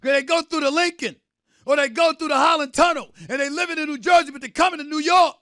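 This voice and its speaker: A man hosting a sports debate show, delivering a theatrical, emphatic rant, often shouting and repeating phrases for effect. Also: very high voice, fairly even intonation, no echo, studio quality. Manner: drawn-out repetition for effect. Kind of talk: impassioned sports talk rant.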